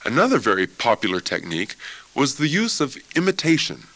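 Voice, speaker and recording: Lively male music teacher. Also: mid-range voice, fairly quick. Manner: expressive, playful, imitates chicken sounds. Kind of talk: classroom lesson narration.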